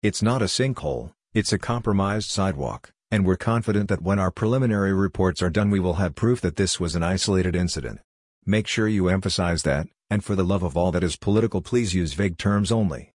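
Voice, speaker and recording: A pompous, condescending mayor, voiced by a man reading a story, who talks down to everyone. The voice is low and slightly husky. The recording is dry. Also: a little fast, dry recording. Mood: smug. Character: pompous, mocking male city mayor.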